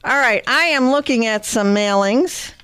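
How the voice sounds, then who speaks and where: A woman co-host chatting on a radio talk show, her voice smooth and clear. She reads mail aloud with dry, wry asides. The sound is close and dry, with no room echo. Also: a little high, measured pace, a bit bright. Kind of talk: casual radio chat.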